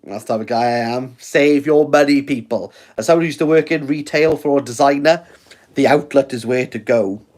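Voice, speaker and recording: A man's voice: medium pitch, brisk, darkish tone. A man with a Welsh accent chatting casually on a phone livestream from home, rambling and joking at his own expense. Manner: rambling, self-mocking and jokey. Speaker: book reviewer livestreaming.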